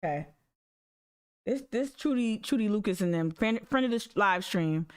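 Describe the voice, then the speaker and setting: A woman's voice: medium pitch, lively intonation, normal speed, smooth. A woman hosting a live stream, reacting animatedly and talking straight to her viewers. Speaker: livestream host. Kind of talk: casual livestream commentary.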